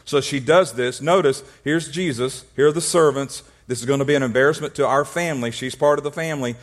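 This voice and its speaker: A man preaching as a pastor, telling humorous stories and acting out little scenes, often repeating words and clearing his throat. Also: mid-range voice, a little fast. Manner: repeats words and restarts when excited. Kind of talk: sermon.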